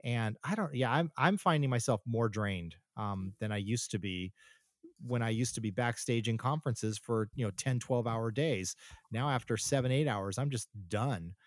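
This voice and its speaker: A man's voice: mid-range voice, moderate pace, no echo, clean studio sound. A man co-hosting a podcast from his home office, talking in an upbeat, chatty way with frequent restarts. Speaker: podcast co-host. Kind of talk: casual podcast chat. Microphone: home office computer mic.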